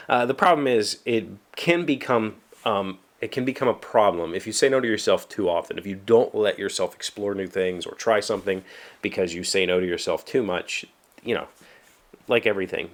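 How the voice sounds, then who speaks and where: A lower-voiced man with a West Virginian accent talking casually to camera from his home workshop. He rambles, restarts his sentences and pokes fun at himself as he goes. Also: fairly quick. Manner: rambling, self-deprecating, with frequent fillers and restarts. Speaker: vlogger, show host. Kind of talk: casual solo chat.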